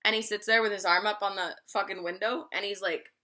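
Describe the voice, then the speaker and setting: A woman's voice: mid-range voice, fairly quick. A woman in her twenties telling a casual storytime vlog, swearing often and laughing as she goes. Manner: profane, animated storytelling with frequent laughs. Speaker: vlogger.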